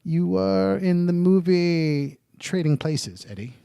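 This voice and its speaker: A man putting on an impression of a slow, pompous older talk-show interviewer. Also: high voice, gravelly, mellow, clear, resonant tone, dry recording, clean studio sound, pitched above the performer's own voice, full character voice. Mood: solemn.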